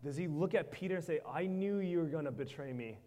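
A man preaching a sermon in short phrases, pausing so an interpreter can follow. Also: a little high, dark tone. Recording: hall reverb.

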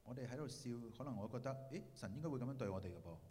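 A man interpreting a sermon into Cantonese, quick and halting with fillers. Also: medium pitch, animated, warm tone. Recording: hall reverb.

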